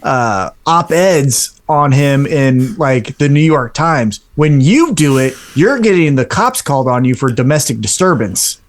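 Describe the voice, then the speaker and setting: A man's voice: mid-range voice, sing-song, unhurried, hardly any pauses. A man co-hosting a podcast, giving his opinions in casual chat with fillers and hesitations. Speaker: podcast co-host.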